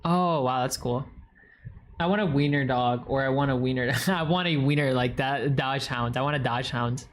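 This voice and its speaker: A young man streaming, chatting casually and excitably as he reacts to videos and reads chat, swearing now and then. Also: medium pitch, moderate pace.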